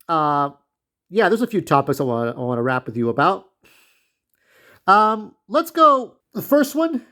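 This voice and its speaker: A man's voice: high voice, fairly bright tone. A man hosting his own vlog, ranting in a profane, rambling way with frequent restarts. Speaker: channel host.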